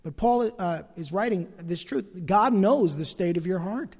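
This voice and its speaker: A man's voice: sits high, expressive, unhurried, a little mellow, slightly rough. A middle-aged male pastor preaching a sermon to a congregation with humor and self-mockery, acting out everyday complaints as he goes. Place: church sanctuary. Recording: reverberant church hall.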